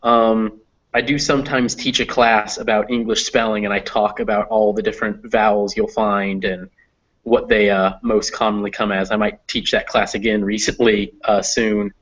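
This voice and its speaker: A man's voice: lowish voice, level tone, normal speed, a bit bright, muffled recording. A man tutoring a student in reading English, explaining patiently with many fillers. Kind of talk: one-on-one reading lesson.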